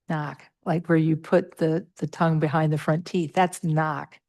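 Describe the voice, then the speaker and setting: A woman's voice: lowish voice, normal speed, a little mellow. A middle-aged woman teaching a Buddhist meditation class, patiently walking through pronunciation with many fillers.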